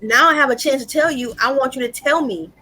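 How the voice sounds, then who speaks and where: A woman's voice: high-pitched, brisk, sharp tone, soft background music, rough recording. A woman guest on a casual podcast, agreeing and talking it through plainly.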